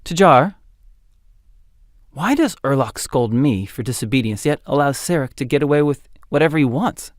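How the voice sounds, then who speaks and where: A man's voice: medium pitch, animated, moderate pace, no echo, studio quality, close to an everyday voice. A man voicing an earnest young warrior who screams with battle fury in a fantasy audiobook. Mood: hushed. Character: young male warrior, fierce, earnest, guilt-ridden.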